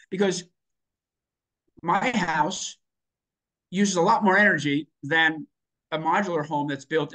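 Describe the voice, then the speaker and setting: A man's voice: on the high side, a bit bright. A man on a panel, talking emphatically with rhetorical asides and growing enthusiasm. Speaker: panel guest, finance expert.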